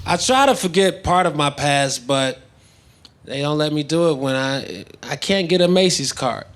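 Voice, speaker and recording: A man in his twenties doing a stand-up comedy set on a club stage, with a laid-back, deadpan delivery into a handheld mic. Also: on the high side, normal speed. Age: 20s. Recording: live club recording with crowd noise. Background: audience laughter.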